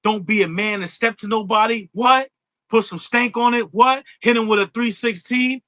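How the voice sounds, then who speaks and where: Man doing a rowdy wrestler, shouted catchphrases, high and bright. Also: normal speed, dry recording. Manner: shouting call-and-response. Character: gruff rowdy male wrestler barking catchphrases.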